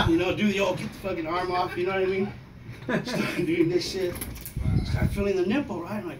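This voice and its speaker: A man in his fifties doing a stand-up comedy set, telling profane, loud, animated stories. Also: sits high, fairly quick, pauses often. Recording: echoey room, mic heard from a distance, noisy.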